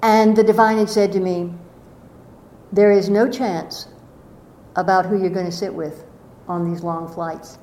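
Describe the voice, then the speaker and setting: An older woman tells a reflective spiritual story in a gentle, unhurried way, her voice sitting at a middling pitch. She lets her phrases drift off into softness. The recording carries a noticeable room echo and a faint low rumble. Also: steady tone. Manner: slow, gentle, softly trailing off.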